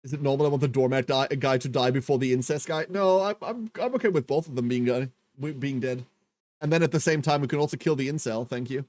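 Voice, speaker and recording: A man's voice: medium pitch, fast, a little mellow, no echo. A young male streamer reading a visual novel aloud and tossing in crude, sarcastic asides.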